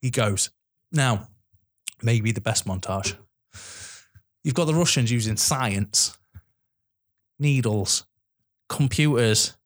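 A British man in loose conversation, excitable and quick to laugh. He swears freely as he talks things through with a friend. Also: mid-range voice. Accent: British English. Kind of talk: casual chat.

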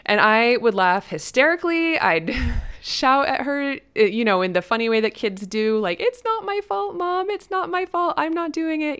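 Woman, middle-aged, casual storytelling, animated, sudden squeaky quoted voices, mid-pitched voice. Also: clear, resonant tone. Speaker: parent telling a personal story.

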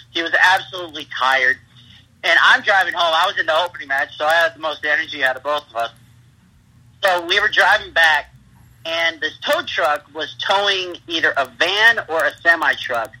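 A man with a very bright, husky voice rambles through his road stories and laughs as he talks. It sounds like a phone line. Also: on the high side. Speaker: pro wrestler, interview guest. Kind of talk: casual interview talk.

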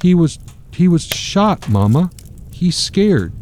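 A man doing a frightened, halting young boy. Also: mid-range voice, sing-song, warm tone, a little hiss or hum, voice pushed up. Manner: halting, tearful.

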